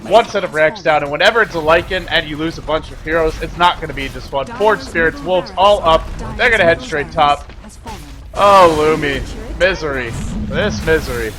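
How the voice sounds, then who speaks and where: Male esports caster, slightly high voice, excitable, bursts of shouting and laughter, music behind. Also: normal speed. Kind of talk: live esports commentary.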